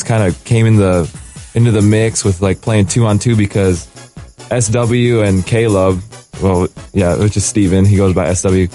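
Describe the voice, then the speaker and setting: A man, a hip hop artist and producer, telling stories as a radio guest in a relaxed, eager way. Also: lowish voice, normal speed, faint music behind. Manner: relaxed, eager storytelling with lots of "like". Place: radio studio.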